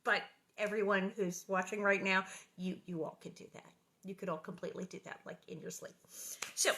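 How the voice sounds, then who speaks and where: A middle-aged woman talks casually to her livestream viewers from her living room, bubbly and full of rambling asides. Her voice is bright and forceful, and it comes through a webcam-style mic. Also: medium pitch. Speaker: livestream host reading aloud.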